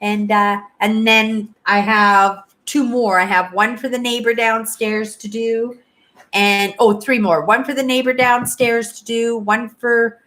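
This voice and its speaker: Speaking a little slowly in a steady, fairly bright voice on the high side, a woman in her sixties from Canada runs a relaxed livestream. She rambles chattily with viewers and ends most sentences with "right?"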